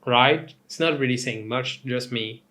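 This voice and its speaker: Animated young man ranting casually. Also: mid-range voice, a little slow. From Mauritius. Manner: animated, swearing, rambling with asides and laughs. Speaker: host. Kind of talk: casual comedic commentary.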